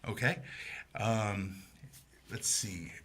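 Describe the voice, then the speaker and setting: A man co-hosting a community TV movie talk show, chatting casually with animated, mocking humor and frequent laughter. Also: fairly low pitch, extremely slow. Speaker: co-host of a movie review show. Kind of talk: casual chat. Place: community TV studio.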